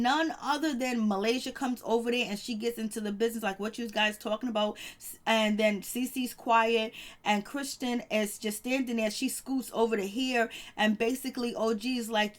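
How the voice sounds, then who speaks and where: Woman, fairly high voice, casual show recap, chatty, dramatic, lots of fillers. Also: fairly even intonation, moderate pace. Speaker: TV show reviewer.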